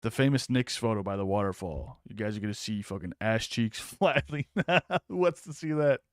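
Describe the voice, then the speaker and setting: A man hosting a casual live-stream commentary, excitable and mocking, swearing freely. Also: lowish voice, normal speed, no echo, clean studio sound.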